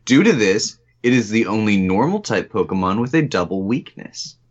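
A man's voice: lowish voice, lively intonation, normal speed, breathy edge, dull audio. A man co-hosting a casual podcast, playfully reading out trivia with fillers. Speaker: podcast co-host.

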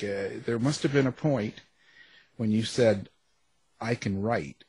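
Male radio host, husky rough voice, casual jokey chat, middle pitch. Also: darkish tone. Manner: jokey, laughs often, loose and rambling.

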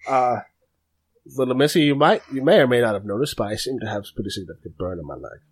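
A man's voice: mid-range voice, expressive, fast, husky, no room sound. A man doing a wry old orc grandpa. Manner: funny put-on voice.

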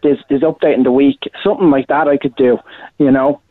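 A man's voice: mid-range voice, steady tone, brisk, dry recording. A male impressionist chatting as a guest, rambling with many restarts. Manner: rambling, frequent restarts and "you know". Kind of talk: casual interview chat. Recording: tinny phone-like line, dry.

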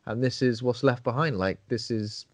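A man co-hosting a casual film discussion, jokey and animated, acting out characters' lines. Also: medium pitch, normal speed, no room sound. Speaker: podcast co-host.

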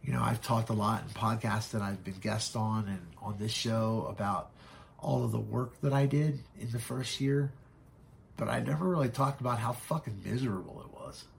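A man telling his own story as a podcast guest, frank and halting, swearing often. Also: fairly low pitch, vocal fry, slight background noise. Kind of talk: candid personal storytelling.

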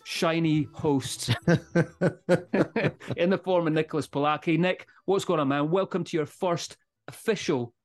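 A Scottish man hosting a whisky podcast in easy, energetic chat, laughing often and swearing now and then. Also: on the high side, measured pace. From Scotland. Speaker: podcast host. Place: Speyside, Scotland.

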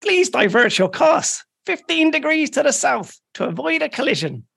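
A podcast co-host voicing a stubborn lighthouse radio operator who reads flat, unyielding replies over the radio as part of a joke. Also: sits high, moderate pace, gravelly, pitched above the performer's own voice, heavily acted. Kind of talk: reading a joke aloud in parts.

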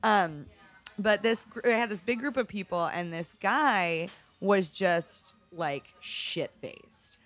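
A woman's voice: medium pitch, lively intonation, slow, fairly bright tone. A middle-aged woman bartender telling work stories in a casual interview, candid and profane, with lots of "like". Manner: candid, profane, heavy use of "like". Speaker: bartender guest.

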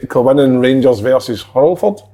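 A man's voice: medium pitch, animated, a little fast, warm tone. A man with a Scottish accent co-hosting a podcast, giving a dry, matter-of-fact match report. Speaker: podcast co-host. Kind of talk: casual banter.

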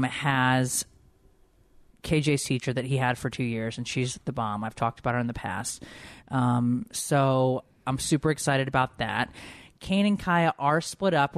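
A woman's voice: extremely low pitch, dry recording. Chatty woman podcast host, dry sound. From Connecticut. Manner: chatty, rambling, emotional, many fillers. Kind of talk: casual chat.

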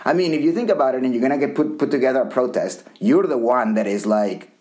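A man's voice: medium pitch, quick pace, darkish tone. A man from Colombia co-hosting a podcast, rambling in casual chat with frequent restarts and casual swearing. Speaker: podcast co-host.

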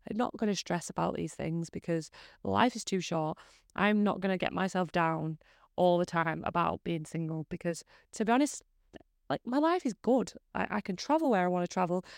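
In a casual solo podcast chat, a woman in her thirties rambles candidly and pokes fun at herself. Her voice is lowish with vocal fry, captured as clean studio sound with no echo.

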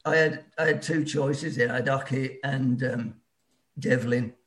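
A male actor guest in casual chat, relaxed and chatty, joining remotely. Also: mid-range voice, normal speed. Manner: relaxed, chatty, laughs often.

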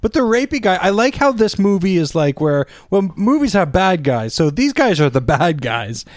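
A man's voice: high voice, big pitch swings, moderate pace, dry recording, clean studio sound. A man co-hosting a casual movie review chat, laughing often, swearing and acting out quotes. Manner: laughing, profane, acts out quotes. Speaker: podcast co-host.

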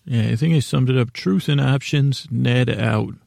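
A man's voice: medium pitch, normal speed, creaky, darkish tone, no echo, studio quality. A man hosting a podcast, recapping an episode in a casual, rambling way from his notes, often breaking off and restarting. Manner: rambling, self-interrupting, reading from notes. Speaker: podcast host.

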